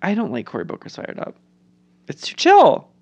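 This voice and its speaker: A woman's voice: mid-range voice, wildly swooping pitch, moderate pace, darkish tone, slightly rough, dull audio. A woman co-hosting a casual political chat podcast, swearing freely and acting out quotes in funny voices.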